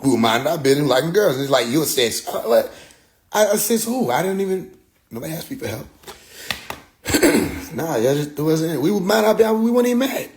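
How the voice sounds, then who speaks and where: A young man hosting a loose, profane chat, spinning stories with plenty of swagger. His voice sits a little high and swings widely up and down as he gets animated and acts out the people in his stories. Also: a little fast. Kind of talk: casual storytelling chat.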